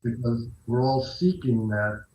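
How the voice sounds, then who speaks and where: A man's voice: mid-range voice, steady tone, measured pace, a little mellow, echoey room, low-quality recording. A man being interviewed as an actor guest, talking reflectively and telling stories with restarts. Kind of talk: casual interview talk.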